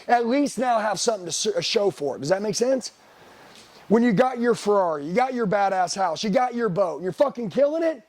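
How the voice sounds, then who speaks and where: Middle-aged guy yelling sales motivation, high voice, swears a lot, dry sound. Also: lively intonation, moderate pace, no room sound. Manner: blunt, swearing, hammering questions at the room. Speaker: sales trainer. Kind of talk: profane motivational sales talk.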